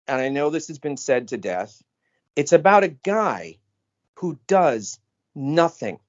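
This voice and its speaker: Animated man on a lo-fi call. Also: measured pace. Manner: animated, jumps pitch when quoting people. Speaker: podcast co-host. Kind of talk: casual chat. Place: on a phone call.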